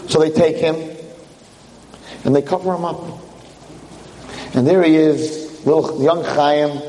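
A man's voice: a little high, steady tone, slow, warm tone, roomy sound, in a large hall, a little hiss or hum, low-quality recording. A man giving a religious lecture, telling a story vividly and dramatically to a room of listeners.

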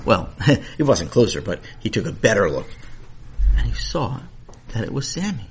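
A man telling a children's story with animated, playful narration and asides to the listener. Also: lowish voice, moderate pace, a little hiss or hum.

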